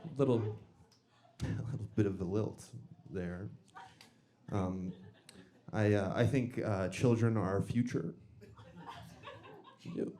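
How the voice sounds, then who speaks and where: A young man doing a stand-up comedy set in a club, with a dry, halting delivery full of restarts and self-deprecating asides. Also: on the low side, mellow.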